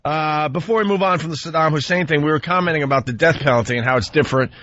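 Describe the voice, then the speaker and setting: A man's voice: fairly high pitch, quick pace, a bit bright, no room sound. A man co-hosting casual radio chat, chatty and easygoing. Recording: dull dry radio studio sound.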